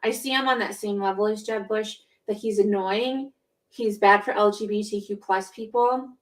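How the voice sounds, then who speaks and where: A woman co-hosting a podcast and chatting casually. Her pitch sits in the middle of her range. She rambles and gets excited, packing her stories with fillers and restarts. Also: normal speed. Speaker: podcast co-host. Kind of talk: casual chat. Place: home.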